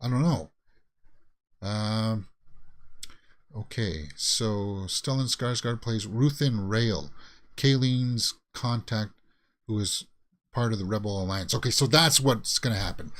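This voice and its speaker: A man's voice: lowish voice, slow pace, long pauses, fairly bright tone. A man hosting a reaction video, reviewing a show in a casual, rambling way, thinking aloud with many fillers.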